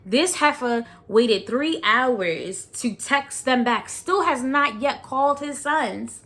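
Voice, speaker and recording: A woman's voice: sits high, slow, fairly bright tone. A woman vlogger talks casually about a documentary she watched. Her delivery is blunt and outspoken, and she peppers it with slang. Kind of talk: casual reaction commentary.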